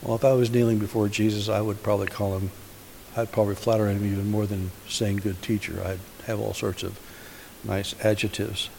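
A man's voice: on the low side, little pitch movement, brisk, vocal fry, darkish tone. A man giving a sermon as a pastor, asking the congregation many rhetorical questions in a conversational way. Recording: hissy recording in a reverberant hall.

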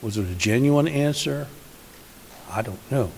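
A man's voice: mid-range voice, lively intonation, measured pace, creaky. Male pastor, conversational questioning sermon, long hall reverb, faint hiss. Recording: hissy recording in a reverberant hall.

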